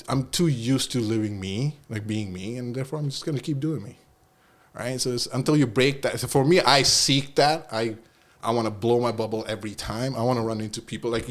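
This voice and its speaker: Chatty man telling a story. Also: medium pitch. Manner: animated, repeats words, swears casually. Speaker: guest storyteller. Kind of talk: casual podcast storytelling.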